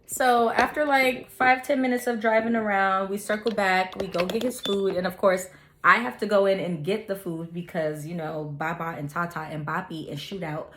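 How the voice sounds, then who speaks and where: A woman's voice: medium pitch, steady tone, normal speed, a bit bright, slight background noise. Young woman doing a storytime vlog, chatty, lots of "like", echoey room. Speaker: vlogger. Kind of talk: casual storytime.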